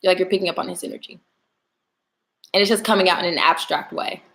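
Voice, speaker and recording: A woman's voice: lowish voice, fast, vocal fry, fairly bright tone, roomy sound, low-quality recording. A young woman, chatting casually with viewers during a tarot livestream. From New York.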